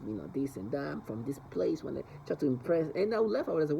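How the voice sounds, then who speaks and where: A man's voice: fairly high pitch, very animated, fast, creaky, dark tone, slight background noise, poor audio. A man talking to camera in a rambling, agitated monologue, repeating himself and stumbling over restarts.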